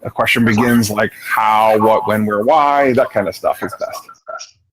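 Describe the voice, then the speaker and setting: A man's voice: on the low side, unhurried, background noise. A man coaching a student over an online voice chat, explaining at length and often restarting his words. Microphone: online voice chat mic.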